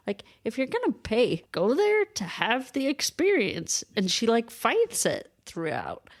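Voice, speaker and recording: A woman's voice: a little high, a little slow, hardly any pauses. A woman co-hosting a podcast, recapping a movie in casual chat and acting out the characters' lines. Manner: animated retelling, acting out the dialogue. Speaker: podcast co-host.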